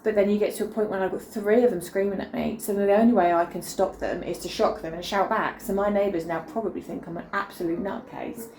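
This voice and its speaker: Talking quickly with few pauses, this young parent vlogger has a medium-pitched, slightly mellow voice with fairly even intonation, captured on a low-quality phone camera with slight background noise. She's frank and weary as she chats about her family at home, slipping into sing-song baby talk with her kids and dog.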